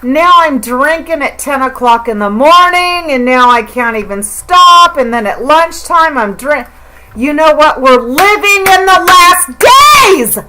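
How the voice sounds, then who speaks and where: A woman's voice: sits high, lively intonation, unhurried, pushed and bright, slight background noise, rough recording. A middle-aged woman talking straight to the camera in an emotional, rambling religious monologue, stammering and repeating herself as she goes. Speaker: vlogger.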